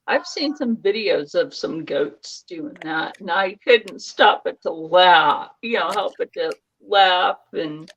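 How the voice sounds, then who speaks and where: A woman talking slowly in a casual group chat, laughing easily. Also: lowish voice, expressive, fairly bright tone, breathy edge, dull audio. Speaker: chat participant.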